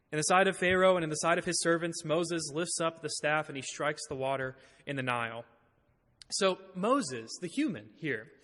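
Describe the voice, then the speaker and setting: A man's voice: sits high, fairly bright tone. Man preaching in a reverberant church. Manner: explanatory, with light self-deprecating humor. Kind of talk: sermon with scripture reading. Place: church sanctuary. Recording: long reverb in a church hall.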